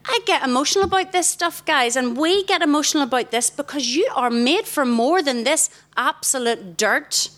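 A middle-aged woman, giving an animated talk to young people in a festival tent and questioning the crowd directly. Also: sits high, normal speed, few pauses. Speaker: youth event speaker. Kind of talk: interactive talk to a young audience. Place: large festival tent, live audience.

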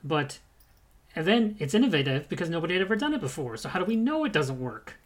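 A man's voice: on the high side, sing-song, quick pace. Blunt, profane man, wry podcast host. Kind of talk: casual podcast chat.

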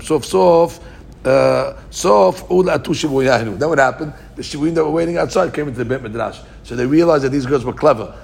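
A man's voice: mid-range voice, vocal fry. A man teaching a Talmud lesson, translating each phrase as he goes, often restarting words mid-line.

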